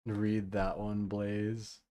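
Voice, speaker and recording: A man's voice: fairly low pitch, monotone, very slow, warm tone, dry recording. A man hosting a podcast live on stream, chatting loosely and swearing as he reads chat aloud. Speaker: podcast host.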